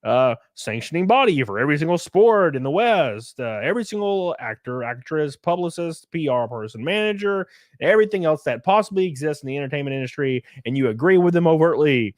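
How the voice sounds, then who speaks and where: A man hosting a livestream, ranting and commentating in a sarcastic, animated way. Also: on the high side, fairly quick, dry recording, studio quality. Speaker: livestream host.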